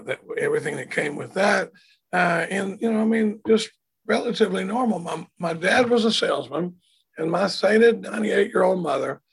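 Older man, hoarse and husky, chatty self-deprecating speaker on a home video call. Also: on the high side, a bit bright. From Dallas, Texas. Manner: rambling, self-deprecating, repeats words. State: hoarse from throat trouble. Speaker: speaker telling his recovery story. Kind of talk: casual storytelling talk. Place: home, indoors.

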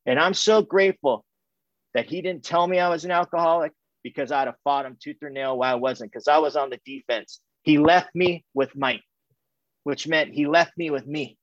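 A man's voice: fairly high pitch, moderate pace, dry recording, lo-fi sound. A man telling his recovery story in a loose, chatty way, piling up "and, and" and sprinkling in "man" and "dude", with self-mocking humor. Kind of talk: personal testimony told as casual storytelling.

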